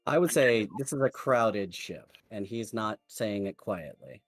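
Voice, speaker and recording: Slow-speaking male game master. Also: on the low side, expressive, no room sound, soft background music. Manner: slow, deliberate narration with fillers. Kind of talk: narrating a tabletop game.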